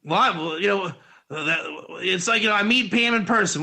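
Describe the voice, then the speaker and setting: A man teaching a Torah class, excitable and rhetorical, his voice jumping up when he gets animated. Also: very high-pitched, brisk.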